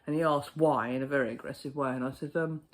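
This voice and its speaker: Man vlogging, casual chat, blunt and sweary, animated storyteller, mid pitch. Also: quick pace. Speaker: postal worker vlogger.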